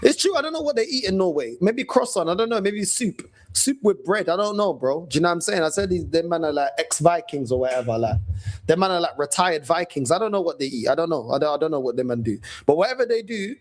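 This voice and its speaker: A man with a London accent ranting casually as a fan channel host, animated and mocking, full of street slang. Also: a little high, fast talker. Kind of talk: casual rant.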